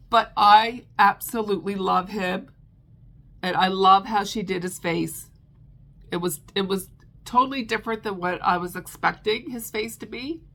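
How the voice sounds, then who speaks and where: A woman's voice: on the low side, vocal fry, bright, forceful tone. A middle-aged woman vlogger chatting casually about her crochet, with frequent ums and restarts. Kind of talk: casual chat.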